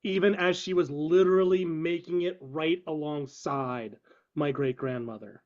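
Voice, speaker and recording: A man reminiscing fondly in casual chat with the group, halting and thoughtful. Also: on the high side, fairly even intonation, a little mellow. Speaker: player. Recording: muffled lo-fi audio.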